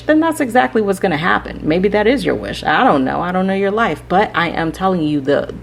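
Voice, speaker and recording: Rambling spiritual podcast woman, low voice. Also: vocal fry, slight background noise. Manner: rambling, preachy, direct address with frequent "right?". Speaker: podcast host. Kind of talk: spiritual advice monologue.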